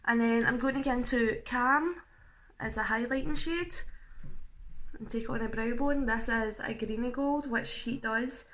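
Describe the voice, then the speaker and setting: A young woman talks through a makeup look in a casual, chatty way. Her voice is bright and sits a little high. She teases herself and lets the odd curse slip. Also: a little slow. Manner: chatty, self-mocking, swears, laughs at herself. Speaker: makeup vlogger. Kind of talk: casual makeup tutorial chat.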